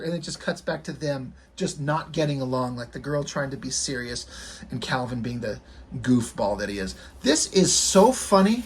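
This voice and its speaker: A man's voice: mid-range voice, lively intonation, normal speed, husky. A man giving a casual, rambling, enthusiastic commentary on comic strips. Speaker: comic reviewer.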